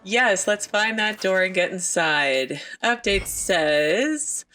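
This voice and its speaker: A woman's voice: mid-range voice, normal speed, few pauses, pushed and bright. A woman hosting a let's play, giving casual, chatty and playful commentary on her gameplay.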